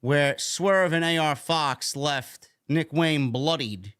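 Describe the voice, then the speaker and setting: A man's voice: fairly high pitch, slow, a bit bright, clear, resonant tone. A man casually recapping a wrestling show, rambling and repeating words as he talks. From New York.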